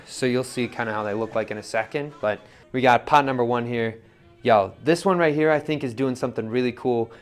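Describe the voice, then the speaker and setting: A man casually demonstrating pottery on the wheel, talking his viewers through each step with lots of "like" and "right?". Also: mid-range voice. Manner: relaxed, chatty, lots of "like" and "right?". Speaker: pottery teacher.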